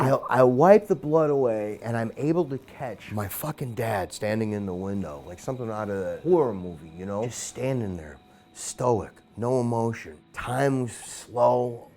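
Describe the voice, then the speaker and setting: A middle-aged man recounting a childhood memory in an interview, swearing constantly, his voice surging loud and then dropping low. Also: animated, normal speed, slight background noise. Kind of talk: emotional storytelling.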